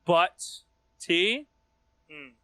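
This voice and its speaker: Brief: young guy, slow and emphatic, bright clear voice, dramatic. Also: sits high, expressive, no room sound. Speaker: podcast regular. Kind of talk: casual chat. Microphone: call.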